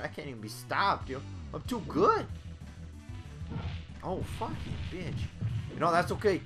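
A man giving brash, profane let's-play commentary full of excited yelps and outbursts. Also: sits high. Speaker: gaming YouTuber.

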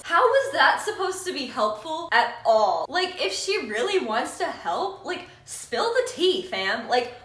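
Woman vlogger, lively and bright, chatty gossip recap, echoey room. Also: high-pitched. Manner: animated, gossipy, quick asides and laughs. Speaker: vlogger recapping a reality show. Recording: roomy echo.

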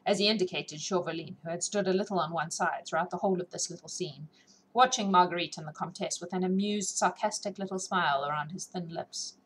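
A woman narrating a classic novel in a measured, expressive way, her voice sitting a bit low. A faint hiss of noise lies under the reading. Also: rough recording. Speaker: audiobook narrator. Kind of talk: scripted narration.

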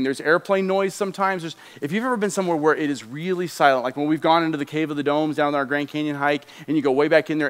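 A man preaching a sermon as pastor, conversational and animated, dropping to a hushed tone in prayer. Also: fairly high pitch. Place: church sanctuary. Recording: long hall reverb.

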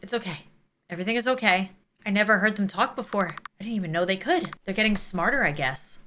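A woman voicing a lonely young girl who talks herself quietly and uneasily through daily chores, reading game dialogue aloud. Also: medium pitch, fast, a little hiss or hum, voice pushed down, close to an everyday voice. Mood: uneasy. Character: lonely young girl caring for monsters alone.

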